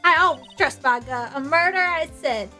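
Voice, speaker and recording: A woman voicing a pushy female journalist with a put-on Southern US accent and a high-pitched voice. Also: moderate pace, sharp tone, soft background music. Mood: brash. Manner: brash, pushy.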